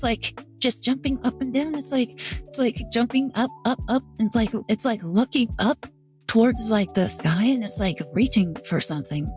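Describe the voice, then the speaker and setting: A woman's voice: a little high, darkish tone. A woman streaming a game playthrough, chatting casually in a rambling way, full of fillers and restarts, and getting emotional when moved. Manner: rambling, heavy use of "like", many restarts. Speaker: VTuber streamer.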